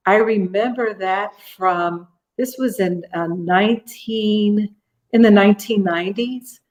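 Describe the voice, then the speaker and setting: A woman's voice: mid-range voice, slow pace, a little mellow, low-quality recording. A woman speaking as an interview guest over a video call, hesitant and full of fillers as she recalls an event. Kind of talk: interview recollection.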